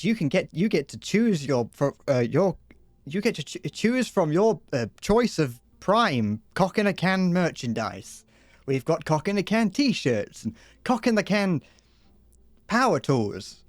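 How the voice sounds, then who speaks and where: Livestreamer, mock ad spiel, giggly, tripping over words, very animated intonation, dry close mic. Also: medium pitch, dry recording. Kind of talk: improvised mock advert while gaming.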